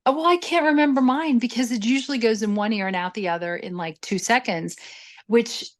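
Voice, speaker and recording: A woman's voice: a little high, a little fast. A woman co-hosting a podcast in casual chat, candid and self-deprecating, laughing easily. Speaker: podcast co-host.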